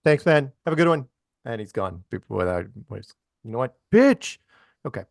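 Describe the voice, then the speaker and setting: A man's voice: medium pitch, expressive, fairly quick, creaky, dry recording, studio quality. A man hosting a call-in show, easygoing with brief replies. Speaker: host taking callers. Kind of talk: casual talk show hosting.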